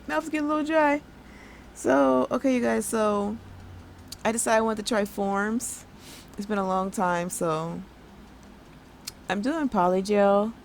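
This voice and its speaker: A woman's voice: mid-range voice, creaky, a little mellow, slight background noise. A young woman chatting casually over her nail art tutorial, upbeat and full of fillers.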